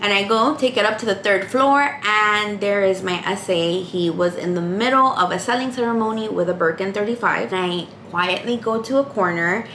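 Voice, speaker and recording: A woman in a casual storytime vlog, chatty and animated as she acts out each person she quotes. Her voice sits at an ordinary middle pitch and rings in a roomy, echoey space. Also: normal speed, hardly any pauses, a little hiss or hum. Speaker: vlogger. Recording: echoey room.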